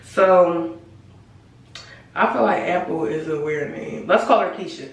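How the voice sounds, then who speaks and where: A woman tells a storytime straight to camera, loose and animated, full of slang and cussing. She talks from some distance away from the microphone, and the room around her rings with heavy echo. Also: on the low side, a little slow, vocal fry. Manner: animated, slangy and profane, addresses viewers as y'all. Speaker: storytime vlogger. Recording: very echoey room, voice away from mic.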